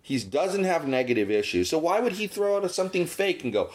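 A high-voiced podcast host talks a little fast with few pauses. His casual chat turns into an animated rant, his voice shooting up whenever he feels indignant.

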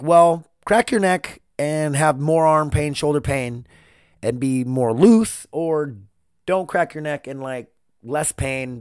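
A man's voice: mid-range voice, no room sound, studio quality. A man hosting his own podcast, rambling and swearing in a confessional solo monologue at home. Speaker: podcast host. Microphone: single podcast mic.

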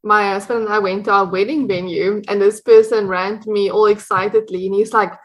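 A woman's voice: mid-range voice, steady tone, fairly quick, poor audio. A woman with a South African accent, chatting as an interview guest, laughing often and restarting her sentences. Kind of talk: casual conversation.

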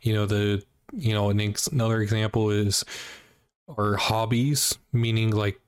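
A man with a lowish, monotone voice talking easily on a podcast. The sound is dry and close, and he pads his thoughts with steady "you know" fillers. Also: unhurried, clear, resonant tone, no room sound. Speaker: podcast co-host. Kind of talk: casual podcast chat.

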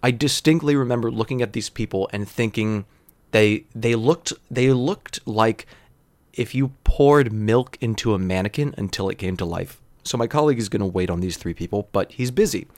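A man in his thirties spins a rambling comic story in a low voice. He drifts into wry asides and lands them deadpan. The sound is dry and close. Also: normal speed, no echo. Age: 30s. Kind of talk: comedic storytelling.

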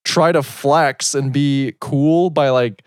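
A man's voice: mid-range voice, steady tone, dry recording, studio quality. A man in casual chat who talks things through thoughtfully, laughs easily and swears at times. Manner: reflective, quick to laugh and swear.

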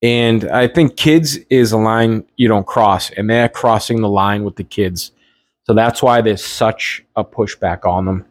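A man's voice: fairly low pitch, dry recording, clean studio sound. A man hosting his own show, talking off the cuff in a blunt, profane, rambling rant full of restarts. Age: adult, has nieces and nephew. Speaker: podcast host. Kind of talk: unscripted solo political rant.

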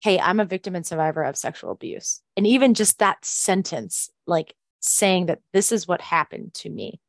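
A woman hosting a podcast, asking gentle, reflective questions and holding space for her guest. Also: on the low side, big pitch swings, moderate pace, dry recording, clean studio sound. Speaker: podcast host. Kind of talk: supportive interview conversation.

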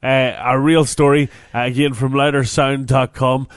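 A man's voice: mid-range voice, little pitch movement, moderate pace, clear, resonant tone, dry recording, studio quality. A man hosting a radio music show, joking and rambling with plenty of fillers. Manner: jokey, rambling, with many fillers. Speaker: radio host. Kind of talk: casual radio banter.

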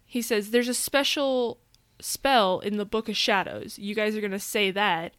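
An American woman co-hosting a podcast in casual chat, excitable and quick to swear. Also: medium pitch, dry recording, clean studio sound. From United States. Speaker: podcast co-host.

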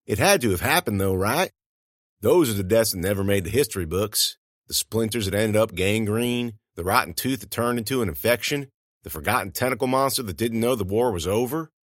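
Expressive male audiobook narrator. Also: lowish voice, normal speed, no echo, clean studio sound. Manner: expressive, suspenseful storytelling. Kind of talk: first-person audiobook narration.

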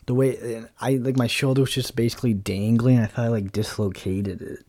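A man's voice: mid-range voice, brisk, hardly any pauses, dark tone, dry recording. A young man hosting a talk show, ranting casually in a blunt, sarcastic and profane way, rambling with lots of fillers. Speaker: podcast host.

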